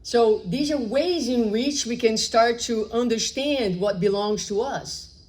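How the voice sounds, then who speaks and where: A woman's voice: on the high side, unhurried, darkish tone, rough recording. A woman giving a public spiritual lecture in a conversational way, often asking rhetorical questions and tagging "right?". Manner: acts out short dialogues in her story.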